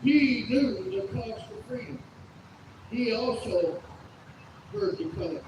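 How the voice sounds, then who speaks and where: A man's voice: very high voice, lively intonation, takes it slowly. A man giving a solemn outdoor speech at a commemorative rally, asking rhetorical questions. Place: outdoors at a state house grounds. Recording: echoey PA sound from a distance, outdoor noise.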